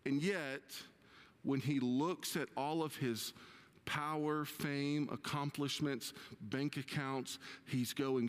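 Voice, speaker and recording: A man's voice: medium pitch, fairly even intonation. Conversational male pastor in a reverberant hall. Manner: conversational, slows down for emphasis. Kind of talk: sermon. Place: church sanctuary.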